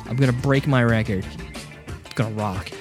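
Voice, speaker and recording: A man's voice: mid-range voice, moderate pace, music in the background. A man hosting a casual podcast, talking in a loose, profane, joking way. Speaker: podcast host.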